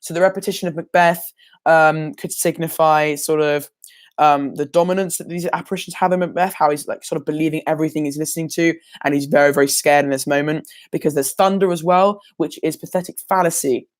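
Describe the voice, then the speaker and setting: Brisk and steady in tone, with a voice a little on the high side, a teenage boy works through exam revision live for a casual stream. He's rambling and unsure, peppering it all with ums and self-corrections.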